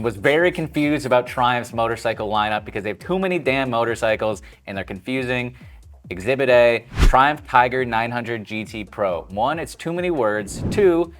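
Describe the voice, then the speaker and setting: A man from the United States co-hosting a casual motorcycle chat, wry and a bit exasperated. His voice is middle-pitched, and faint music plays behind him. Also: a bit bright. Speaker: motorcycle show co-host.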